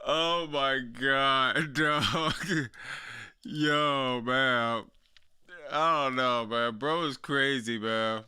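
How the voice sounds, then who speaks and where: A man's voice: medium pitch, extremely slow, pushed and bright, smooth. A man streaming casual reaction commentary, slangy and laughing often as he talks to his chat. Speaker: streamer reacting to wrestling clips.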